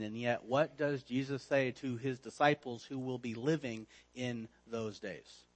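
Emphatic preacher, man. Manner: emphatic, repeats words, drops low on phrase ends. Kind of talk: sermon.

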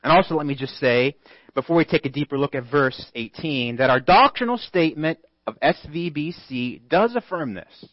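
A man preaching a sermon as pastor, earnest and emphatic, reading scripture aloud with deliberate pauses. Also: fairly high pitch, expressive, dry recording, muffled recording.

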